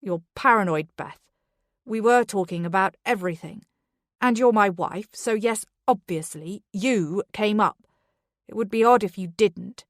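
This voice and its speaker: A woman's voice: medium pitch, moderate pace, no room sound, clean studio sound, natural voice. A woman doing a dismissive, irritated husband. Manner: dismissive and hissing.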